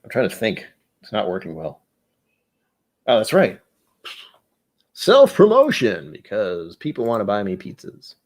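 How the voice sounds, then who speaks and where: A man's voice: lowish voice, expressive, moderate pace, pauses often, darkish tone. A man from the United States hosting a casual whiskey livestream, chatty, rambling and self-deprecating as he reads chat aloud. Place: indoors at home.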